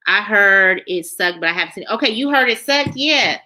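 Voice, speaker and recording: A woman, hosting a casual livestream, reading viewers' comments aloud and chatting in a lively way, repeating herself often. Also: medium pitch, fairly quick. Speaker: channel host reading live chat.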